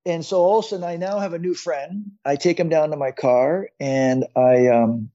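A man's voice: fairly high pitch, moderate pace, warm tone, highs cut off. A man in his fifties, a podcast guest, earnestly telling his own story and often repeating words as he goes. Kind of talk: personal storytelling in conversation.

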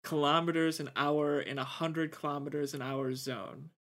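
A man's voice: fairly high pitch, level tone, normal speed, a bit bright. A man co-hosting a podcast, casually reading out news items with an easygoing manner. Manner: easygoing, laughs often, reads out details. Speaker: podcast co-host.

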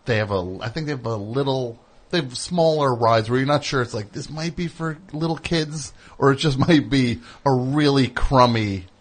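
A man's voice: mid-range voice, moderate pace. A middle-aged man hosting a radio show in a studio, chatting casually with an opinionated, teasing, rambling manner. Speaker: host.

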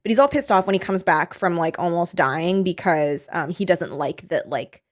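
A woman's voice: on the low side, normal speed. A woman in casual conversation, recapping a book in a loose, rambling way. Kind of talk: casual chat about a book.

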